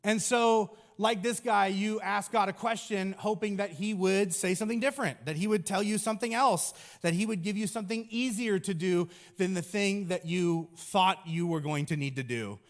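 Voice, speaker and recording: Joking middle-aged male pastor, slightly high. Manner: casual and joking, acts out quick dialogue, many fillers. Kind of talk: conversational sermon.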